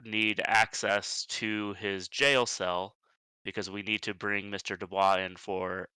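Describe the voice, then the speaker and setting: A man with a low yet bright and smooth voice, playing a tabletop game. He speaks in a measured, fairly formal way, recorded dry and close. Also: fairly even intonation, no echo. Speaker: player. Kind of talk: casual tabletop game chat.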